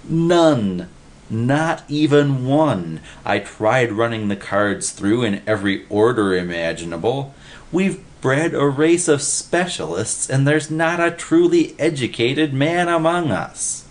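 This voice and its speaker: A man's voice: mid-range voice, expressive, slow, pitched above the performer's own voice. A man voicing an exasperated male official in a storybook reading. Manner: exasperated, emphatic.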